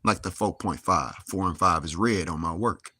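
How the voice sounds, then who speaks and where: A young adult man vlogs an angry rant to the camera, cursing heavily and firing off rhetorical questions. His voice is deep and bright, slightly rough, with a forceful tone at a normal speed.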